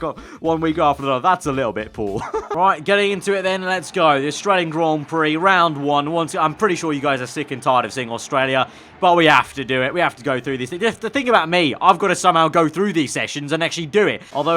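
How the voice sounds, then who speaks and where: A man's voice: on the high side, a bit bright. A man commenting on his racing game as he plays, chatty with wry, sarcastic asides. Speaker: gaming video creator.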